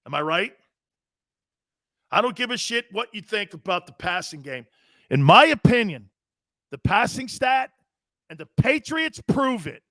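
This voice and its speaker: This high-voiced middle-aged man is very animated yet unhurried, leaving long pauses as he hosts a sports talk show. Loud and profane, he hollers opinions and hammers pet catchphrases with emphasis, captured in studio quality with no room sound.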